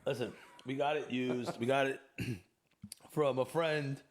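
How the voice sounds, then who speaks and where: Man, podcast host, casual chat, swears a lot, laughs through stories, mid pitch. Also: measured pace. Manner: profane, animated storytelling with laughs.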